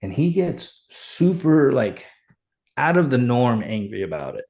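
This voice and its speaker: A man's voice: medium pitch, unhurried. Earnest man telling a story. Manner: animated, earnest, reenacts dialogue. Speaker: fire chief, podcast guest. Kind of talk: conversational storytelling.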